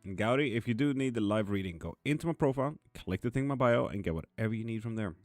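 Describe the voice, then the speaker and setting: A man's voice: mid-range voice, animated, quick pace, dry recording, faint music behind. A man hosting a live tarot stream, chatting casually and bluntly as he answers viewers by name. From Sweden. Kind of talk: casual live-stream chat reading comments. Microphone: streaming mic.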